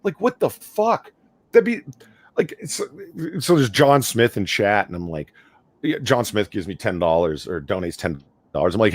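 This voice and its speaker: Animated ranting man on a stream. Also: on the low side, moderate pace, no room sound. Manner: animated, ranting, swears freely. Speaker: co-host. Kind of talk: casual stream chat. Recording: dry close-miked audio.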